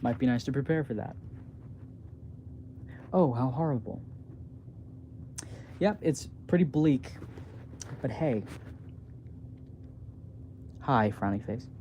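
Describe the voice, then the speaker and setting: A man reading his own book aloud as a bedtime story, softly and haltingly, with small slips. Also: mid-range voice, expressive, muffled recording, slight background noise.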